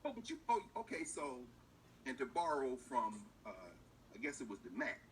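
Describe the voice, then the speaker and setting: A man giving animated political commentary, acting out officials in mocking voices with emphasis. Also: medium pitch, moderate pace, a little hiss or hum. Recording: distant mic with faint room ambience.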